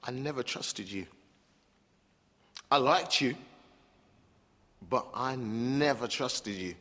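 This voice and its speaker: An actor playing a defiant young male psychiatric patient who taunts and flares into shouting. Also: extremely high pitch, lively intonation, exaggerated voice. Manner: taunting, volatile, quick to shout. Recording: roomy reverb.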